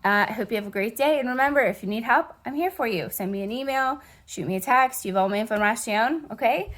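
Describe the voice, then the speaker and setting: A woman's voice: on the high side, fast talker, a bit bright. Friendly woman teaching a Spanish lesson. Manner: friendly, checks in with "okay?", mixes Spanish words into English. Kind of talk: recorded online grammar lesson.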